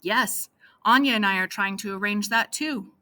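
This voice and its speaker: A woman's voice: mid-range voice, pushed and bright, close to an everyday voice. A woman doing a wary middle-aged man. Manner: wary, measured. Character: cautious middle-aged man planning escape. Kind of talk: audiobook reading.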